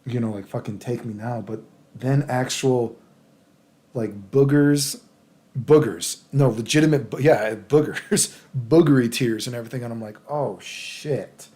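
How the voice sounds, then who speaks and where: A man's voice: mid-range voice, normal speed, warm tone. Crude, rambling man telling a story. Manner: crude, rambling, lots of "dude" and "right?". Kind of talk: casual storytelling vlog.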